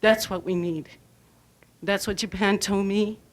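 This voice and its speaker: An older woman from Arizona speaking at a public comment, halting and emotional. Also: medium pitch, steady tone. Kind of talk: public comment at a board meeting.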